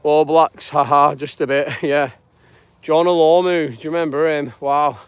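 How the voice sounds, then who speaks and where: Northern English male streamer, slightly high pitch, loose rambling chat. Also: fairly even intonation, normal speed, clear, resonant tone, no room sound. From northwest England. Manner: rambling and chatty, greets viewers by name. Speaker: live-streaming channel host. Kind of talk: casual live-stream chat. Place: outdoors on a dog walk.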